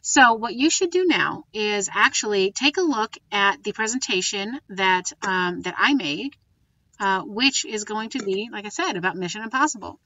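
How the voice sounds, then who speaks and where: A woman teacher thinks out loud as she plans a lesson, pausing on ums and restarting her sentences. Her voice has a bright, forceful edge and sits close and dry on the mic, with slightly dull lo-fi sound. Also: medium pitch, lively intonation, no echo. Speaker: Spanish teacher. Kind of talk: recorded classroom lesson walkthrough.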